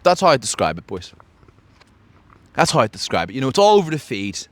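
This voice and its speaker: A man's voice: mid-range voice, big pitch swings, a little fast, dry recording. Brash man hosting a podcast. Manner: boastful, brash, mock-grandiose. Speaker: podcast host. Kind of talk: brash comedic podcast monologue.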